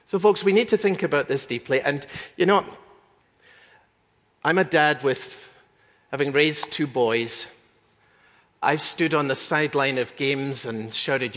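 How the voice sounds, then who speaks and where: A man's voice: fairly high pitch, measured pace. Earnest preaching man in a hall. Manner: earnest, emphatic preaching with rising stresses. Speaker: pastor. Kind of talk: radio sermon.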